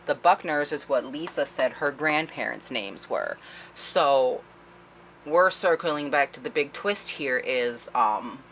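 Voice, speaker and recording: A woman with a low voice recaps a book's plot in a loose, conversational way. She swears freely and laughs as she goes. A faint background noise sits under her voice. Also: animated, slow, a bit bright. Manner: chatty, profane, laughing as she retells. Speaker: book reviewer. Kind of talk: casual spoiler-filled book recap.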